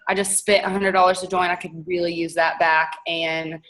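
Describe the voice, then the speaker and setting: A young woman, chatting casually as a guest on a call and telling her story in an animated way. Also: fairly low pitch, normal speed, low-quality recording. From Texas. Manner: chatty, animated, laughs often.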